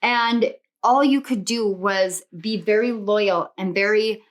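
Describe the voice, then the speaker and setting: A woman of medium pitch takes her time as she offers a spiritual pick-a-card tarot reading. She is earnest and reassuring, rattling off affirmations in rhythmic lists and drifting into stories about herself.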